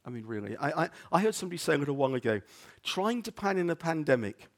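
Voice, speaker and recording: A man preaching a sermon as a pastor, earnest, often repeating words and dropping soft on quotes. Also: on the high side, big pitch swings, fast talker. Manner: earnest, stumbles and repeats words, drops to near-whisper on quotes.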